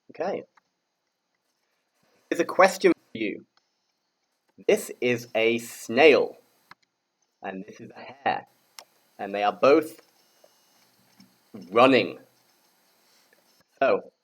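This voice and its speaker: A man from the UK teaching a grammar lesson to young learners, speaking slowly and repeating words for them to echo. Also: mid-range voice, lively intonation. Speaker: English teacher.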